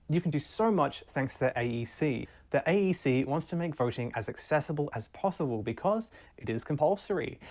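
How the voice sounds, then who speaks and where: Playful explainer narrator. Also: female voice, low voice, a little mellow. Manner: playful, jokey asides. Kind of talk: scripted educational narration.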